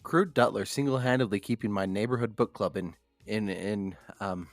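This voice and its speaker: A man's voice: fairly low pitch, normal speed. A man co-hosting a podcast in casual chat, joking and drifting off mid-sentence. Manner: joking, loses train of thought. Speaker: podcast co-host.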